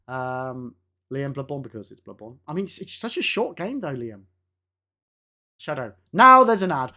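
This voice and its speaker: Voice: medium pitch, very animated, normal speed, sharp tone. A game streamer chatting casually with live viewers, laughing often and swearing now and then.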